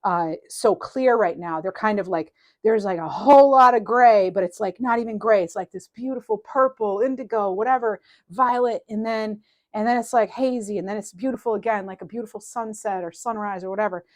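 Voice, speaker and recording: A woman talks through a tarot reading in a loose, rambling way, full of "you know" and "um" and restarting her sentences. Her voice sits at a middle pitch, and she laughs lightly as she goes. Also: brisk. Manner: rambling, animated, lots of fillers and restarts; laughs lightly while talking. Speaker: tarot reader. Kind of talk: casual channeled tarot reading.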